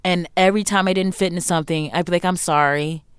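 A young adult woman talking candidly as an interview guest, emphatic and animated, acting out what other people said to her. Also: on the low side, rapid-fire, clean tone, dry recording, clean studio sound. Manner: animated, emphatic, acts out quoted remarks.

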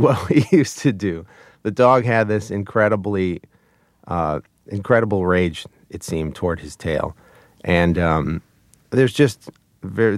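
A man being interviewed as a puppeteer, talking casually, halting and chuckling as he tells stories. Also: low-pitched, no echo, studio quality. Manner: hesitant, full of restarts and chuckles. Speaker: puppeteer guest.

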